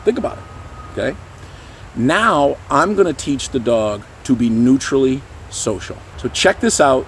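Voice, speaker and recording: A middle-aged man talking casually to camera as a dog trainer, animated and breaking into goofy high voices now and then. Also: a little slow, slight background noise. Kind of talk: casual explanatory talk to camera.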